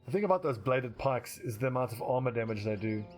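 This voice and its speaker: A man's voice: medium pitch, animated, fast, darkish tone, soft background music. A man giving casual, rambling commentary while playing a strategy game, swearing casually and restarting his sentences. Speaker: let's play commentator.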